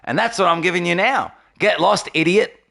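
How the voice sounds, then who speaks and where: A man's voice: high-pitched, normal speed, vocal fry, pushed and bright. A man hosting his gaming channel, giving sarcastic, mocking gameplay commentary and laughing often.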